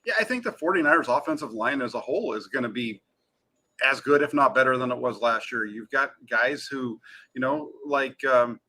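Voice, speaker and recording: A man's voice: medium pitch, moderate pace. A man co-hosting a sports talk show, talking eagerly with lots of fillers. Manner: eager and energetic, frequent fillers. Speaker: sports reporter co-host.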